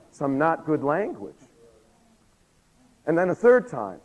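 A man's voice: a little high, very animated, unhurried, pauses often, highs cut off. A man preaching a sermon, telling a story animatedly, acting out the quotes and asking the congregation questions, while losing his voice. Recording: long hall reverb.

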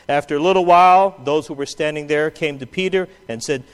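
A man preaching a sermon, swinging between loud quoted outbursts and low, quiet asides. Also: moderate pace, few pauses. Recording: long hall reverb.

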